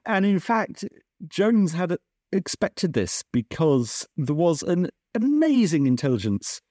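A science journalist and author, appearing as a guest on a conversational podcast, tells wartime history slowly in a mellow, warm voice. He is an animated storyteller whose pitch rises and falls as he restarts and corrects himself. The recording is close and dry, with no echo.

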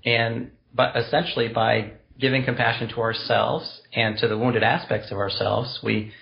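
Man, gravelly voice, earnest and explanatory, podcast guest, dull lo-fi sound. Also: medium pitch, level tone, moderate pace. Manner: earnest, explanatory, spiritual wording. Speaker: guest, compassion practice teacher. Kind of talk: podcast interview.

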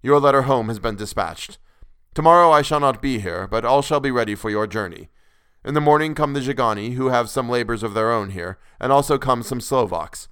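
A man reading the part of a courtly, menacing old vampire count in a smooth, stately, falsely gracious way. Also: medium pitch, brisk, fairly bright tone, no echo, clean studio sound, close to an everyday voice.

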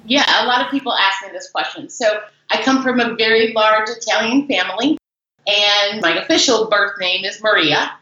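A woman's voice: medium pitch, normal speed. Chatty woman from chicago suburbs, 40s, tons of echo, kinda muffled lo-fi sound. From Chicago suburbs, USA. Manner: chatty, animated storyteller with fillers. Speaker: guest, business founder. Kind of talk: casual interview storytelling. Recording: very echoey, dull lo-fi remote audio.

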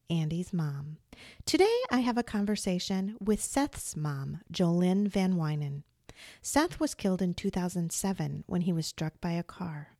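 A middle-aged woman hosts an interview podcast in a gentle, sympathetic way. Her voice sits fairly low for a woman, and the sound is close and dry with no room around it. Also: no room sound. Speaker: podcast host.

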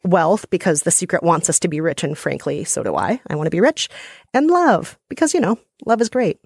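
Dry, low-voiced woman co-hosting a podcast. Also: fairly quick, vocal fry, husky, no room sound. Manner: animated, self-mocking storytelling. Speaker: podcast co-host. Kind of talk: casual chat.

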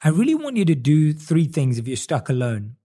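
Warm-toned man giving earnest life advice. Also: on the high side, huge pitch swings, husky. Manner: earnest, repetitive, slows down to stress key words. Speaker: self-help speaker. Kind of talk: motivational monologue to camera.

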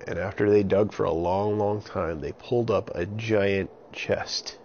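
A man telling a children's story in an animated way, adding sound effects, on a dull, lo-fi recording with faint hiss. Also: fairly low pitch, measured pace.

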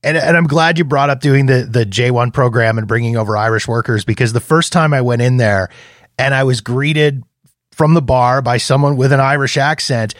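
A man hosting a podcast, talking through his thoughts in a relaxed, conversational way. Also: mid-range voice, normal speed, dry recording, studio quality. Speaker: podcast host. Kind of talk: casual podcast interview.

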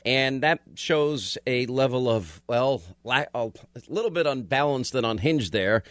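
A man's voice: mid-range voice, lively intonation, unhurried, a bit bright, no room sound. A man hosting a call-in radio show, joking and folksy while giving callers advice. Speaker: radio talk show host. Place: radio studio.

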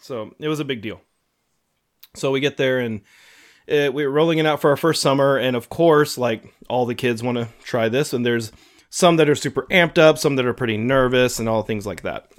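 A man co-hosting a chatty podcast, telling a long story with plenty of "uh" and "like". His voice sits at a medium pitch, and he slips into other people's voices as he quotes them. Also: moderate pace. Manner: rambling, lots of fillers, acts out quotes. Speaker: podcast co-host. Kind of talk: casual storytelling.

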